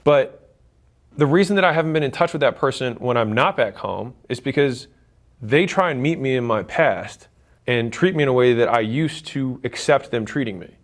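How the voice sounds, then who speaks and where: A man's voice: medium pitch, normal speed. A man in his thirties giving blunt, emphatic advice straight to camera, swearing for emphasis and acting out what relatives say. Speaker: business creator giving advice. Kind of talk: direct-to-camera advice talk.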